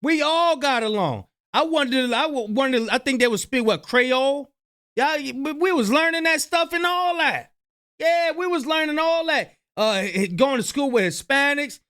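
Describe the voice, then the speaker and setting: A New Jersey man runs a reaction channel, offering animated, slang-filled commentary on clips and repeating his points. His voice is very high-pitched, and he talks at normal speed.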